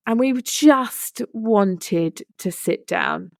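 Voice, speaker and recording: Gravelly-voiced woman podcast host, chatty. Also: mid-range voice, lively intonation, drawn-out words, no room sound, clean studio sound. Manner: chatty, earnest, many "you know" asides. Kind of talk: casual storytelling monologue.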